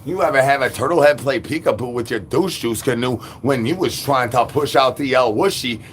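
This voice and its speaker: A man's voice: medium pitch, a little fast. Guy babbling silly rhyming nonsense, sing-songy, faint hiss behind him. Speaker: livestream host. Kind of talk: rambling nonsense monologue.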